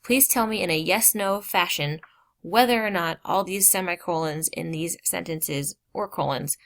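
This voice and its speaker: A woman teaching a grammar lesson. She explains slowly, stresses key words and drops casual asides. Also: lowish voice, a bit bright.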